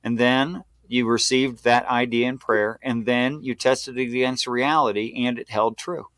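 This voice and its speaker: A man's voice: medium pitch, fairly even intonation, a little slow, fairly bright tone, no echo. Male host, probing questioner, plain mid voice, dry close sound. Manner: probing, asks clarifying questions. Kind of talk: casual conversation. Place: live stream call.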